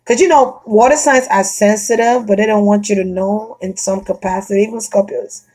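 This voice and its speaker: A woman chatting casually and bluntly, swearing freely, laughing often and getting animated. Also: mid-range voice, normal speed. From Florida. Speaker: vlogger chatting to a friend. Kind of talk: casual chat.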